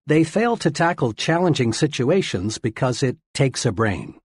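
A man giving a steady, earnest reading of scripted self-help narration, in the manner of an audiobook narrator. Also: medium pitch, normal speed, breathy edge, no echo, clean studio sound.

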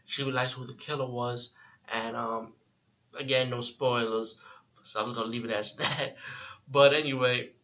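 A man talks through a film review in a loose, rambling way, stopping and restarting his sentences. His voice has a bright, forward edge. The recording sounds dull and lo-fi. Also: medium pitch, fairly even intonation, moderate pace. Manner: rambling, with frequent restarts and filler words. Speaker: movie reviewer. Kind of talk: casual spoken film review.

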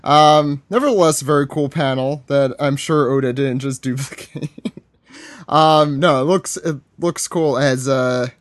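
Man, podcast panelist, joking recap, slow pace, dry close sound. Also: fairly high pitch, dry recording. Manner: joking, laughs often, many fillers. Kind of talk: casual manga recap chat.

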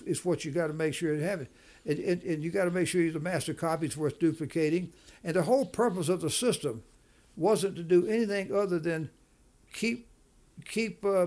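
This business leader, interviewed conversationally, has a high-pitched, slightly mellow voice. He makes his points emphatically, frequently restarting and repeating himself.

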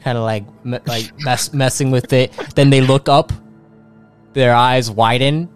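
A man's voice: medium pitch, fairly even intonation, clean tone, soft background music. A man narrating a tabletop role-playing game as game master, stumbling and restarting his sentences. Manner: halting, many restarts.

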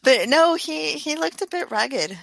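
A woman co-hosting a podcast, who laughs often and cuts in with quick questions. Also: sits high, expressive, gravelly, no echo. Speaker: podcast co-host. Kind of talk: casual chat.

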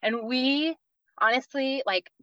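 Woman in her 30s from the east coast, earnest faith story on a podcast, lots of ums, crisp bright voice. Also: high-pitched, slow, no echo, muffled recording. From East Coast of the United States. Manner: earnest storytelling with many fillers, acting out quoted voices. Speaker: podcast guest. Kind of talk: personal faith story in an interview.

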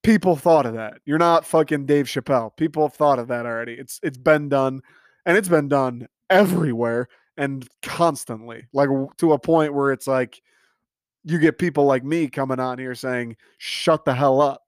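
A man's voice: medium pitch, moderate pace, dry recording, clean studio sound. A young man hosting a solo podcast, ranting in a profane, exasperated way. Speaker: podcast host. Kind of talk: casual solo podcast rant.

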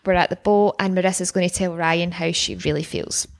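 A woman's voice: fairly low pitch, steady tone, brisk. A woman co-hosting a casual podcast, recapping episodes in a chatty, wry way with frequent laughs. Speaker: podcast co-host.

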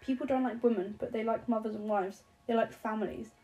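A stubborn, sharp-tongued woman president snaps and curses in clipped bursts, as a woman narrator voices her. The tone stays mellow underneath the force, pitched a touch high. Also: fairly even intonation, fairly quick, soft background music, close to an everyday voice, low-quality recording. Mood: furious. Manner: shouting, clipped and cursing.

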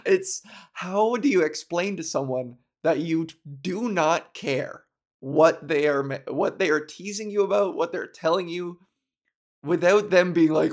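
A man in a casual, animated monologue, laughing often and mimicking others mockingly. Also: on the high side, measured pace.

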